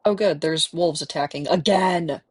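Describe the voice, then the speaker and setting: A woman's voice: low voice, normal speed, breathy edge. A woman from the Midwest with a cold, chatting casually and rambling while she plays a game, talking to the animals on screen. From American Midwest. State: has a cold. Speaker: gaming streamer. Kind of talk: casual gameplay chat.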